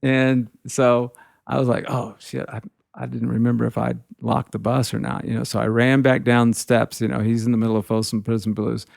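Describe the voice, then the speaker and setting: Gravelly man spinning rambling road stories. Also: medium pitch, flat delivery, fairly quick, darkish tone, dry recording, clean studio sound. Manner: rambling anecdotes peppered with "you know". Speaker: guitarist telling tour stories. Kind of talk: casual storytelling.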